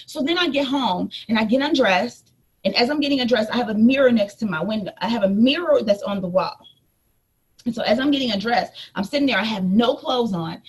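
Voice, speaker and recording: Husky animated woman life coach. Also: medium pitch. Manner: animated storytelling, addresses listeners as y'all. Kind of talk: motivational talk to an audience.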